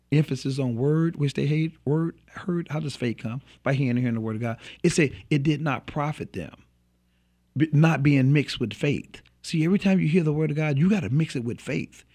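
Fervent male preacher, husky voice. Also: medium pitch, darkish tone. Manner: fervent, repeats words when building a point. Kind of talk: preaching on a faith program.

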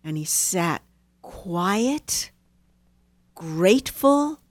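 A woman therapist, a guest on a talk show, calmly telling a story and giving advice. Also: on the low side, dry recording. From United States. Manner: calm, measured, instructive. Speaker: marriage and family therapist, guest. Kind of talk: casual interview chat, storytelling.

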